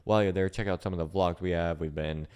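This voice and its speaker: A man's voice: low voice, steady tone, fast, darkish tone, clean tone. An American man co-hosting a reaction video, rambling in casual chat. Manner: rambling, lots of fillers and restarts.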